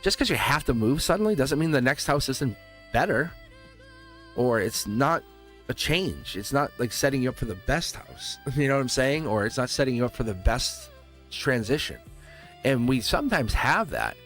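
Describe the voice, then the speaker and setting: Male tarot reader, fervent and reassuring, with a lively pitch, faint music underneath. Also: moderate pace. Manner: fervent, reassuring, repeats phrases, laughs often. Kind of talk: live tarot reading.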